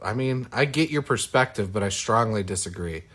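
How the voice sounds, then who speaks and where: A man's voice: fairly low pitch, lively intonation, moderate pace, a bit bright. Crude teasing man hosting a podcast. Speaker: podcast host. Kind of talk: casual chat.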